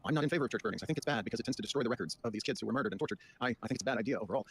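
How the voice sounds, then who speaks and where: A man's voice: mid-range voice, a little hiss or hum. A man making his case in an online debate, pointed and full of rhetorical questions. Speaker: debate participant.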